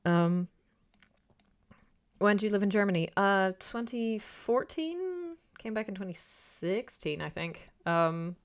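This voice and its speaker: A woman's voice: medium pitch, lively intonation, slow pace, smooth. A woman chatting casually on a livestream, reading chat and rambling off on tangents in a self-deprecating way. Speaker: YouTuber reading live chat.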